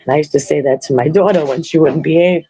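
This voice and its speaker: A woman's voice: deep voice, fast talker, warm tone, breathy edge, poor audio. An older woman, a grandmother, hosting a podcast in loose, rambling casual chat, laughing often as she talks. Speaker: podcast host.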